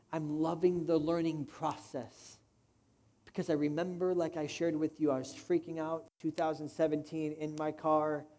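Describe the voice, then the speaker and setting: A man's voice: fairly high pitch, mellow. A man preaching a sermon in a direct, conversational way, putting questions to the congregation. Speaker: pastor.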